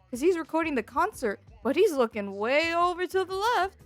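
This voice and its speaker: Young woman, high voice, casual storyteller, exasperated and animated, dry close sound. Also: a little fast, hardly any pauses, no echo, soft background music. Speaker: VTuber streamer.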